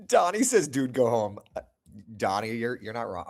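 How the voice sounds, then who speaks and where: Here a middle-aged man with a medium-pitched, sing-song voice hosts a relaxed livestream at a measured pace. He reads viewer comments aloud and responds chattily, poking fun at himself, while his voice recovers from having gone out.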